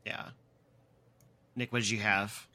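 Bright-voiced male podcast host. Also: lowish voice, flat delivery, slow pace. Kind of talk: casual chat.

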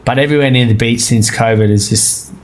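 Aussie bloke on a podcast, mid voice, rambles, laughs a lot, swears casually. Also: male voice, mid-range voice, fairly quick, slight background noise. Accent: Australian. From Australia. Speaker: podcast guest. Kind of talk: casual interview chat.

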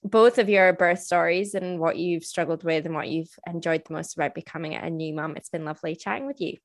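Friendly low-voiced woman podcast host. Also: steady tone, brisk, dry recording. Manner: friendly and chatty, laughs often. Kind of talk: casual interview chat and scripted sign-off.

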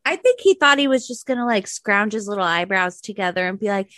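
A woman co-hosts a casual gossip podcast with a bright, forceful voice. She jumps in excitedly and punctuates her points with swearing. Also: mid-range voice, fairly quick, dry recording. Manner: excitable, emphatic, swears freely. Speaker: podcast co-host.

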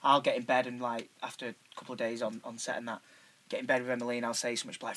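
A man's voice: mid-range voice, flat delivery, rapid-fire, fairly bright tone. A man from northern England chatting casually, rambling with lots of fillers and swearing. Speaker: actor. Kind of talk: casual chat.

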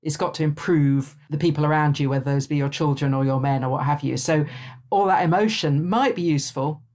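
Low-voiced woman guest. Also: fairly quick, a little mellow. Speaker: author and guest. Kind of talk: podcast conversation.

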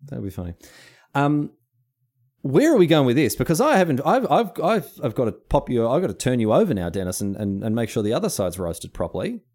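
Aussie guy cohosting a podcast, quick and animated, ribbing his mate, voice jumps all over. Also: medium pitch. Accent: Australian. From Australia. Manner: animated, teasing, laughs often. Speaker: podcast co-host. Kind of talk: casual chat.

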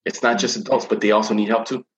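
A man's voice: fairly low pitch, little pitch movement, quick pace, low-quality recording. A man talking about coping with anxiety as a teen coach in a casual podcast chat, earnest and often repeating words while he thinks.

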